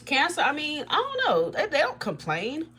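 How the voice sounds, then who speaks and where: On a casual livestream, a woman tarot reader talks bluntly and swears freely, laughing often as her voice leaps suddenly high. Her pitch swings hugely at a normal speed, and her tone is fairly bright.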